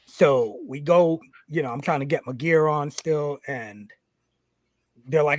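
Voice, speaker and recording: Profane storytelling wrestler, dry close sound. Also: male voice, a little high, moderate pace, no room sound. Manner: animated, profane, acts out quotes. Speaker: pro wrestler telling a story on a podcast. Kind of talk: casual storytelling.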